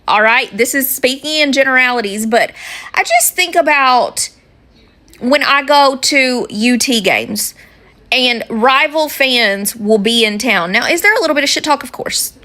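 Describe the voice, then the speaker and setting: A woman talking casually in a vlog, animated and swearing offhandedly. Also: sits high.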